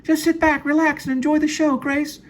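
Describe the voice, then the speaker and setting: A man reading a screenplay aloud, putting on a high falsetto for a ghostly woman in a dream. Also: little pitch movement, normal speed, a little hiss or hum. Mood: eerie.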